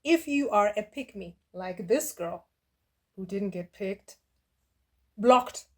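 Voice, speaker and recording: A woman's voice: medium pitch, lively intonation, slow. Sassy middle-aged woman reacting. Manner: sassy, blunt and mocking, with dismissive asides. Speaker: reaction video host. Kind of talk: casual reaction commentary.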